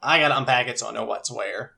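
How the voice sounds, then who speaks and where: A woman's voice: a bass voice, fast, gravelly, sharp tone. A woman running a tabletop game as game master. She narrates loosely and chattily, full of fillers and asides.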